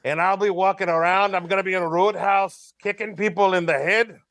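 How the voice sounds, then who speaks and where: A man putting on a brash, swaggering Irish fighter, all taunts and bravado in a mock brogue. The voice sits fairly high and close to the mic. The room sounds dead and dry. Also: fairly even intonation, fairly quick, a bit bright, no echo. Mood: taunting. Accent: put-on Irish. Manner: swaggering, teasing, laughing mid-line. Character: brash cocky Irish male fighter impression. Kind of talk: comic impression on a podcast.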